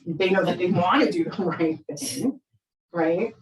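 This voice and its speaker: A woman in her fifties with a fairly low voice speaks as a therapist to a group of parents. Her delivery is chatty, and she keeps checking in with "right?". She sits well back from the microphone in an echoey room. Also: measured pace. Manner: conversational, keeps asking "right?"; acts out quoted lines with big voice shifts. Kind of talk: presentation to parents. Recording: roomy echo, speaker far from the mic.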